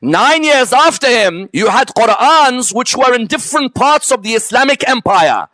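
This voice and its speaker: High-voiced man quizzing his audience. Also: expressive, pushed and bright, no room sound. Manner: lists items one by one in a slow, emphatic way. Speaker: religious lecturer. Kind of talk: religious history lecture to a live audience.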